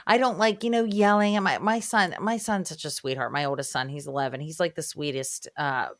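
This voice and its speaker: A woman in her thirties hosting a podcast interview. She talks in a chatty, animated way, like someone telling a story to a friend. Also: deep voice, brisk, no echo, clean studio sound. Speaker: podcast host.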